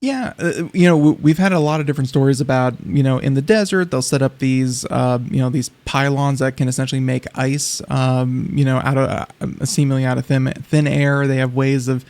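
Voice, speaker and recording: Gravelly man rambling on a tech show. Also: medium pitch, steady tone, a little fast, few pauses, darkish tone. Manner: rambling, lots of you-knows and restarts, joking. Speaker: co-host. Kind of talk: casual tech talk.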